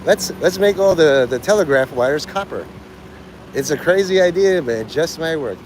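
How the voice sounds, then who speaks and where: Man, live streamer, crude sardonic rambling, animated voice, noisy street. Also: fairly high pitch, moderate pace.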